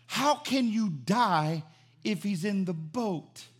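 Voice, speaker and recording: A man preaching a sermon as pastor, animated and emphatic, repeating phrases for emphasis. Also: high-pitched, slow pace, breathy edge.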